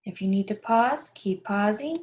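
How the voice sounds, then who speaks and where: A woman teacher walking children through a workbook lesson, patiently repeating the key words slowly. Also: medium pitch, a little mellow. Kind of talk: guiding a class through a workbook.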